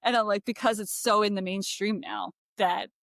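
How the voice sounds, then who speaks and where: A woman from Philadelphia, co-hosting a casual chat over drinks and telling lively stories full of "like". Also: medium pitch, normal speed, creaky, no echo, clean studio sound. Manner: chatty, fillers of "like", lively anecdotes. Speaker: co-host. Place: California.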